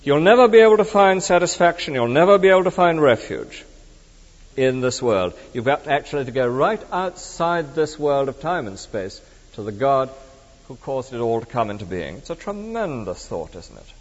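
A middle-aged man preaching a sermon in a conversational, animated way that swings between emphatic and hushed. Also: mid-range voice, normal speed. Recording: dull reverberant hall recording.

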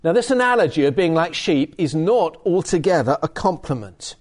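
A man's voice: on the high side, big pitch swings, moderate pace, darkish tone. A man preaching a sermon and reading from the Bible, emphatic with hesitant fillers.

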